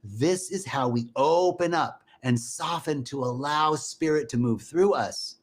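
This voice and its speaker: A man's voice: a little high, measured pace. Earnest man leading spoken affirmations. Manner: earnest, repeats affirmations aloud with emphasis; folksy, joking asides with laughter. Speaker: spiritual teacher. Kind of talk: inspirational spiritual talk.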